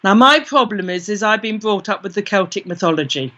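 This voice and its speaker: A British woman tells a personal story as an interview guest. Her voice is bright and forceful, and she brings the tale to life by quoting her own thoughts. The sound is dull and lo-fi. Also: mid-range voice, animated, brisk. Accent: British English. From Britain. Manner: vivid first-person storytelling with quoted inner voices. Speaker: guest, parapsychologist. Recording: dull lo-fi recording.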